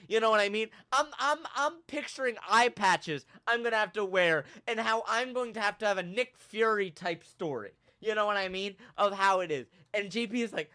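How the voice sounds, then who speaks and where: A young man hosting a podcast, telling a funny story with animated, self-mocking drama and big swings in his voice. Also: high-pitched, normal speed. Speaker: podcast host. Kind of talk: comedic storytelling in casual chat.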